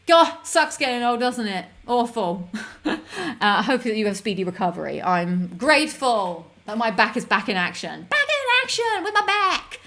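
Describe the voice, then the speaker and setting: A woman's voice: medium pitch, animated, moderate pace, fairly bright tone. A woman hosting a casual stream, reading out chat messages in an upbeat, giggly way with lots of fillers. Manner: chatty, upbeat, giggly, many fillers and restarts.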